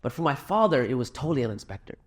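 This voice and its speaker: With a sing-song, medium-pitched voice, a fast-talking middle-aged man addresses a live hall audience at a fundraising talk. He relates anecdotes and makes a donation appeal in a conversational way.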